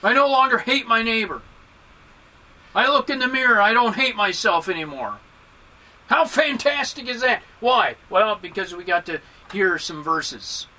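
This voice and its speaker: A man giving a Buddhist dharma talk to a group, animated and joking, with emphatic swings in his voice. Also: high voice, measured pace, rough recording. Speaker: Buddhist teacher.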